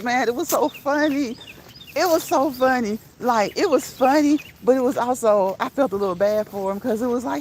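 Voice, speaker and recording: A woman vlogging while out on a walk, telling a story in a casual, animated way, laughing often and reading viewer comments aloud. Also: sits high, normal speed, a little hiss or hum, low-quality recording. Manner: reads live chat comments aloud. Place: outdoors on a walk.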